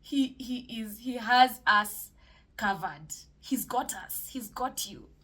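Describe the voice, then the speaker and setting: A woman's voice: fairly high pitch, animated, takes it slowly, sharp tone. A woman hosting a solo podcast, talking casually and encouragingly about mental health and faith, with many fillers and restarts. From Kenya.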